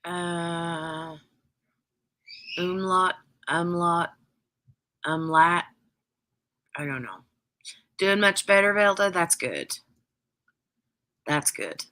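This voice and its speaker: A woman's voice: lowish voice, animated, slow pace, long pauses, bright, forceful tone. A woman hosting a craft live stream, chatting casually with viewers in a rambling way full of "like" and "um".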